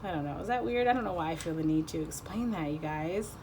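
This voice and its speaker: A woman's voice: low voice, animated, fast, a little mellow, a little hiss or hum. A woman giving a casual tarot reading, rambling with lots of "like", cutting herself off, swearing freely and apologizing often. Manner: rambling, lots of "like", self-interrupting. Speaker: tarot card reader.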